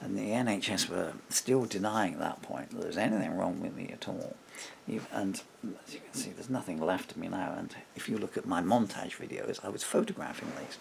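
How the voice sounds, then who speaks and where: A man with a deep, heavily gravelly voice tells a story straight to his camera from a room at home. He talks animatedly and casually, slipping into the voices of the people he quotes. A faint hiss sits under the recording. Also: a little fast. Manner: animated, acts out quoted voices, chuckles between points. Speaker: vlogger.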